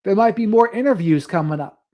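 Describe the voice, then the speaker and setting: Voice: medium pitch, expressive, a little fast, warm tone. Rambling late-night livestream host. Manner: rambling, reads out viewer comments and drifts into asides. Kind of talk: casual late-night live stream chat.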